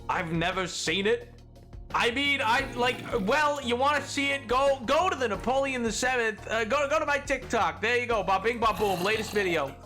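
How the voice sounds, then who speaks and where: A young man streaming a game, chatting casually in an excitable, rambling way and laughing often. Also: very high-pitched, moderate pace, soft background music. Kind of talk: casual live-stream chat while gaming.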